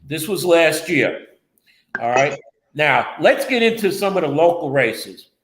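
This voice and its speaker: A man's voice: a little high, very animated, measured pace, a bit bright. Defensive New man in an echoey studio. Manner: defensive, rambling, repeats the other host's name. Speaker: co-host and local reporter. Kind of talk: casual political chat show.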